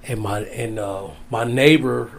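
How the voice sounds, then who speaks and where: A man's voice: medium pitch, steady tone, measured pace, creaky. A man as an interview guest, telling a long personal story in a casual, rambling way, repeating his phrases. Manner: rambling, repeats phrases, folksy Southern-style speech.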